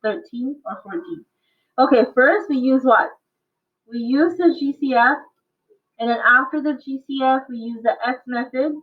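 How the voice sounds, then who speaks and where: A woman math teacher teaching an online class, coaxing and quizzing her students and laughing often. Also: fairly high pitch. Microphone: video call. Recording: tinny phone-like audio.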